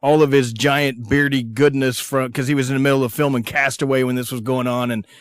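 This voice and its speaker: A man's voice: medium pitch, little pitch movement, a little fast, dry recording, clean studio sound. A man hosting a radio interview, asking long, rambling questions full of fillers. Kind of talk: casual interview.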